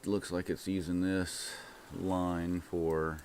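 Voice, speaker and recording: A man with a very low voice hosts a casual livestream. He chats loosely over market charts and thinks aloud. His speech is rambling and full of restarts. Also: flat delivery, slow, darkish tone, slight background noise. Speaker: livestream host. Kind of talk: casual live-stream chat over stock charts.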